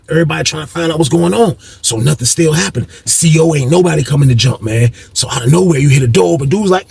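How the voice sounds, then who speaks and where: A young man with a gravelly, husky voice tells a story from his own life. He talks in loose, slangy bursts and acts out the people he quotes, his voice riding a little high for a man. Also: animated, fast talker, a little mellow. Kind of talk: casual storytelling.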